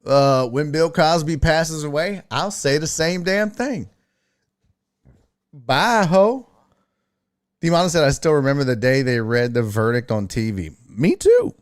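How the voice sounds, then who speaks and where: A man's voice: on the high side, unhurried, pauses often. A man hosting a casual sports talk stream, reading chat aloud and giving blunt, profane, mocking takes. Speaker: streaming sports show host.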